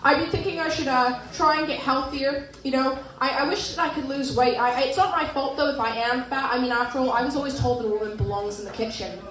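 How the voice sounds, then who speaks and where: A woman's voice: sits high, fast talker, hardly any pauses, a bit bright. A woman in her thirties with a New Zealand accent, doing a stand-up set with dry, self-deprecating jokes and crowd work. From Canada. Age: 30s. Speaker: stand-up comedian. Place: comedy venue with live audience. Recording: roomy live club sound.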